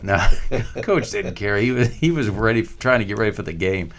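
A man's voice: fairly low pitch, animated, normal speed, hardly any pauses, fairly bright tone. A man casually recalling old team stories, easygoing and laughing as he talks. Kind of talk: storytelling in casual chat.

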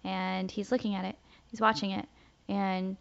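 A young woman from the American South with a faint Southern accent, co-hosting a podcast in casual, animated chat full of fillers. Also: mid-range voice, normal speed, gravelly, smooth. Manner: chatty, animated storyteller with many fillers. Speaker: podcast co-host. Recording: dull, lo-fi podcast audio.

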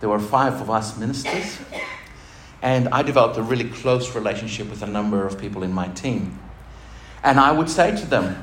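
A man's voice: mid-range voice, animated, a little fast, a bit bright, soft background music. A man preaching a sermon to his church, in a chatty, joking way. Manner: chatty, jokey preaching with laughs. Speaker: pastor. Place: church hall. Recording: roomy church recording with faint noise.

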